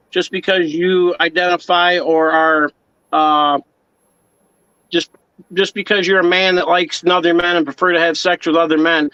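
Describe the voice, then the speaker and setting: Brief: high-voiced man, stumbling agreement in a casual chat, muffled lo-fi audio. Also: bright, forceful tone, clear, resonant tone, dry recording. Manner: agreeing, halting, repeats words. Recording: dry, dull lo-fi sound.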